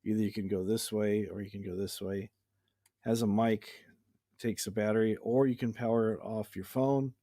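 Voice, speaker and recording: A man's voice: on the low side, steady tone, normal speed, dark tone. A man casually showing off his home recording gear in a rambling, easygoing way. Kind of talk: casual show-and-tell chat. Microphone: webcam.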